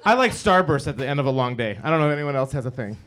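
A man's voice: mid-range voice, expressive, very fast, fairly bright tone, natural voice. A man playing an exhausted, confused guest on a mock talk show, rambling and blurting odd questions in an improvised comedy on stage. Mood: dazed. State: sleep-deprived. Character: exhausted, confused sleepless man with bug troubles. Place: stage before a live audience.

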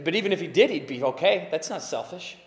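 High-voiced male pastor preaching in a reverberant hall. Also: fast. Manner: animated preaching, swinging between loud emphasis and quiet asides; conversational, with occasional laughs and fillers. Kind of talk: sermon.

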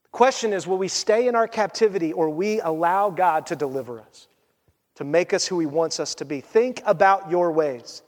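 A man preaching a sermon as pastor, reading scripture aloud and moving from animated storytelling to hushed appeals. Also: sits high. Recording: hall reverb.

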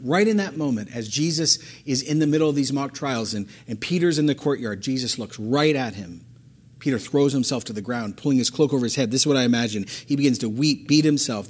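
A pastor preaching a sermon, emphatic and fond of repeating phrases for stress. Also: male voice, medium pitch, a little mellow.

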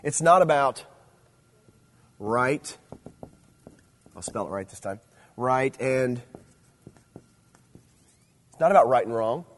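A middle-aged man preaching to teenagers, swinging between loud emphasis and quiet asides. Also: medium pitch, expressive, slow, long pauses, a little hiss or hum. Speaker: youth speaker. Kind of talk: sermon.

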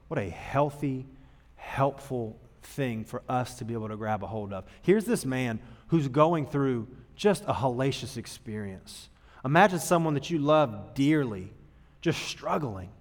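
A man preaching as a youth pastor in a church auditorium, talking in a casual, earnest way that moves from loud emphasis to hushed tones. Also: medium pitch, animated, unhurried. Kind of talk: sermon to youth group. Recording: long hall reverb.

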